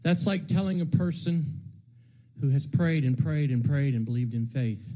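A man preaching an Easter sermon to his congregation, moving from hushed tones to shouts and repeating his words for emphasis. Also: a little high, moderate pace. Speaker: pastor. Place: church sanctuary with congregation.

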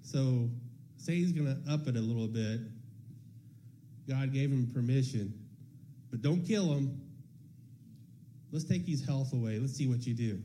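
Dark-voiced man giving a testimony. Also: mid-range voice, a little slow, long pauses, a little hiss or hum. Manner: conversational storytelling, acting out quoted dialogue. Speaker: church member sharing testimony. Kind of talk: personal testimony.

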